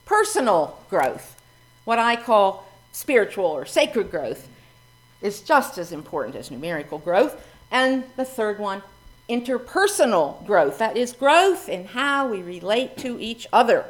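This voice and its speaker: A middle-aged woman minister giving a reflective sermon with expressive, varied emphasis. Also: mid-range voice, a little slow.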